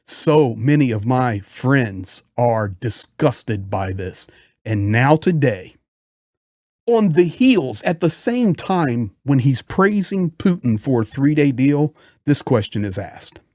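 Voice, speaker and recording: Male commentator, emphatic and frustrated, mid-pitched, dry room. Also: a little mellow, no echo. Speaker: political commentator. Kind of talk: impassioned video commentary.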